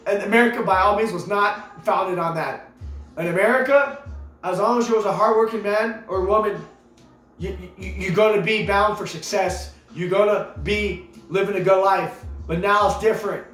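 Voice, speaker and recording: A man's voice: sits high, a bit bright. A man delivering an impassioned political rant to camera, emphatic and preachy, piling up rhetorical questions and repeating himself. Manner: repeats himself, stumbles into restarts. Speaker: vlogger. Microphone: camera mic. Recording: echoey room with faint music behind.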